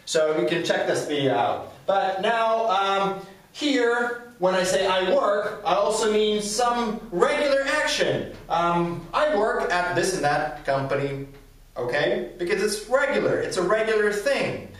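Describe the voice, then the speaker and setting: A man's voice: high voice, animated, unhurried, a bit bright, distant mic. A man whose first language is Ukrainian, patiently explaining English grammar in a lesson and often checking with "all right?". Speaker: English teacher. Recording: echoey room, speaker away from the mic.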